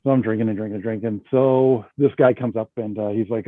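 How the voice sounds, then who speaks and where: A man telling a story in casual chat, swearing freely and growing animated as he retells what happened. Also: on the low side, moderate pace, dry recording. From Canada. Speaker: guest musician. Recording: tinny phone-like line, dry.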